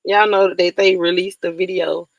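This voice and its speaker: A woman with a gravelly, fry-tinged voice chats loosely on her livestream, calling out viewers by name. She laughs often and swears freely. The sound is close and dry, with no room echo. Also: fairly low pitch, level tone, normal speed. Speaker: livestream host. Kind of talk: casual livestream chat.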